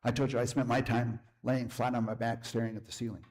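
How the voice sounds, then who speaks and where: A husky middle-aged man, giving a sermon as a guest speaker. His voice sits at an ordinary pitch and carries a storyteller's rhythm, getting lively at times and then dropping quietly into reflection. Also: fairly quick. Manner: storytelling with lively shifts, drops to a hush. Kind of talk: sermon testimony. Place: church.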